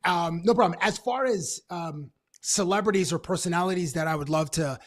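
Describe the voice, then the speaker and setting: A man co-hosts a sports talk show in loose, casual chat. He rambles enthusiastically through his points. His speaking voice is notably high for a man. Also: moderate pace. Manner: rambling, many fillers and restarts, enthusiastic.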